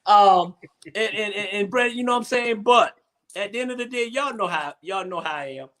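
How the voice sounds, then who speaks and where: A man hosts a casual comedy talk show. His voice sits high and bright, and he rambles and circles back on his words, laughing often. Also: a little fast. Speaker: host.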